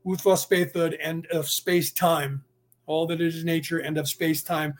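A man speaking slowly in a rambling spiritual monologue, full of restarts and chanted incantations. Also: fairly high pitch, flat delivery. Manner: slow, deliberate, with many restarts and chanted incantations.

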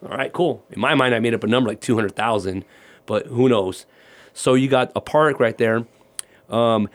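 A man, a ministry guest, telling his personal testimony and acting out the conversations in it. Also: fairly low pitch. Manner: animated storyteller acting out dialogue.

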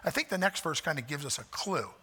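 Man, emphatic sermon, high pitch, long hall reverb. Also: animated, fast talker, breathy edge. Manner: emphatic, swells loud on repeated phrases; folksy asides. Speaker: pastor.

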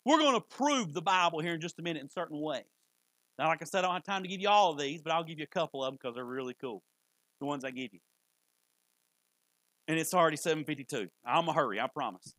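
A man's voice: fairly high pitch, animated, quick pace, fairly bright tone, no room sound, poor audio. A man preaching a sermon, fervent and emphatic, repeating key phrases for weight. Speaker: pastor.

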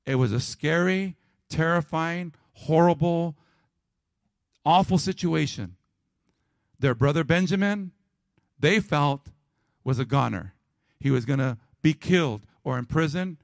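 A male pastor preaching a sermon to his congregation, rising to loud emphatic peaks and dropping to a quiet, low prayer. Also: unhurried, gravelly, pauses often, no room sound, clean studio sound. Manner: calls out to the congregation.

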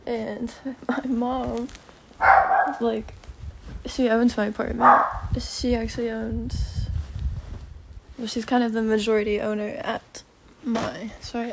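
A woman's voice: fairly high pitch, little pitch movement, takes it slowly, gravelly, pauses often, noisy background. A young woman hosting a podcast, chatting in a meandering way and thinking aloud, with lots of fillers, from a bedroom at her mother's house. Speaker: podcast host. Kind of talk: rambling solo podcast chat.

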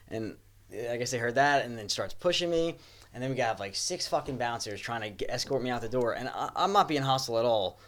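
Chill dude telling a wild bar story, swears a lot, laughs along, normal pitch. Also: male voice, brisk, a bit bright. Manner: laid-back, profane, laughs through the telling. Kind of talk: casual storytelling chat.

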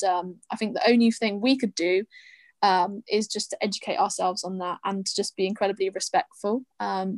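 Woman, podcast co-host, casual talk, mid pitch, many fillers, dry close mic. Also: no room sound. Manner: thoughtful, filler-heavy with "um" and "you know".

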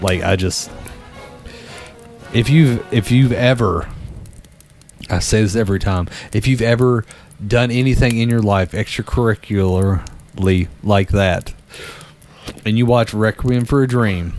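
A man's voice: lowish voice, measured pace, pauses often, faint music behind. A young man in casual chat, telling a story with lots of swearing and acting out the voices of the people in it. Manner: animated, swearing, acts out quoted voices.

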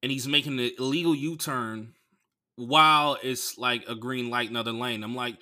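A man with a Bay Area accent tells a profane story on his comedy podcast, his voice bright and forward. He drops to low mumbles, then shouts without warning. His pitch sits in the middle range for a man. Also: fairly even intonation, moderate pace. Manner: swings from mumbling asides to loud shouted outbursts.

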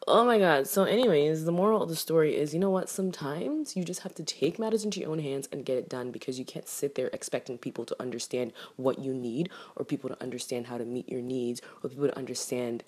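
A young woman telling a casual storytime rant to camera, animated and exasperated, swearing freely. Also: rumbling low, fast talker, few pauses, breathy edge. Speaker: vlogger.

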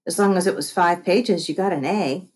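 A woman's voice: fairly low pitch, moderate pace, lightly acted. A woman voicing a sensible teenage boy, the best friend, with a dry, matter-of-fact delivery in an audiobook. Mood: encouraging. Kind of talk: audiobook character voice.

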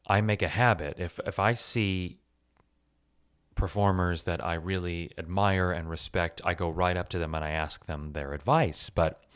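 A man from Los Angeles telling a personal story in an animated, self-mocking way, swearing freely. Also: low voice, dry recording, studio quality.

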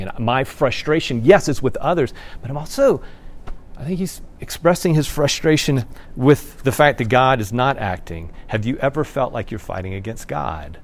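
Male pastor, mid-pitched, conversational sermon that drops to a hush and then rises to emphatic bursts. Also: expressive, normal speed. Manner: conversational, swings from hushed to loud and emphatic.

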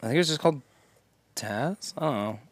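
A man's voice: medium pitch, animated, fairly quick, dry recording, studio quality. A man co-hosting a podcast in casual chat, joking and often slipping into silly impressions. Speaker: podcast co-host.

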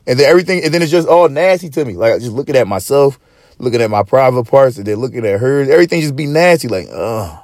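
An animated, fast-talking man with a mid-range, slightly mellow voice hosts a podcast in a dry recording with clean studio sound. He rants in casual slang, swearing a lot, rambling, and restarting often in a preachy street-slang delivery.

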